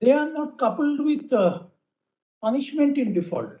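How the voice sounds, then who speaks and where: A man speaking as a judge, measured as he corrects counsel's reasoning. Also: very high voice, big pitch swings, dark tone, reverberant. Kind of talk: questioning from the bench.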